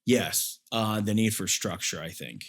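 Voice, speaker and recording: A man's voice: fairly low pitch, lively intonation, a little slow, vocal fry, a bit bright. A man talking as an interview guest, a military veteran telling stories in a rambling way with many fillers and restarts. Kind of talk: casual storytelling.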